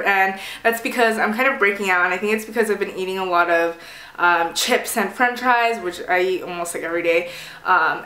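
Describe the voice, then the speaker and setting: A woman's voice: medium pitch, bright, forceful tone, echoey room. A young woman chatting casually while doing her makeup, rambling with lots of fillers. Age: young adult. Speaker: beauty vlogger. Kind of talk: casual get-ready-with-me chat.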